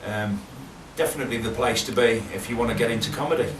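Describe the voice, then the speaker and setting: A man's voice: mid-range voice, quick pace. A male comedian speaking earnestly in an interview. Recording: echoey room from far, clear noise.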